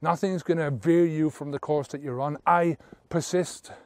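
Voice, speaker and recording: A man's voice: fairly high pitch, steady tone, fairly quick, a little mellow. A man coaching listeners on quitting drinking, earnest and blunt, swearing casually and checking in with "right?" as he goes. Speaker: sobriety coach. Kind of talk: motivational talk to camera.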